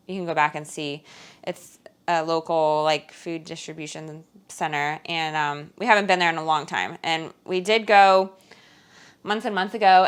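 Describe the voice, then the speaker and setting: A woman's voice: lowish voice, fairly bright tone, clean tone. A woman vlogger chatting casually to viewers while working in her home kitchen. She rambles, fills her talk with "like" and "um", and laughs between phrases. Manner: chatty and rambling, heavy use of "like" and "um". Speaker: frugal-living vlogger.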